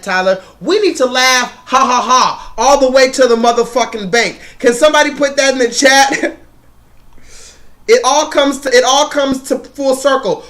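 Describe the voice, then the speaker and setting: A man hosting a live stream, ranting loudly and mockingly with lots of profanity and talking to his chat. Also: very high voice. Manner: profane, loud, mocking rant addressing chat.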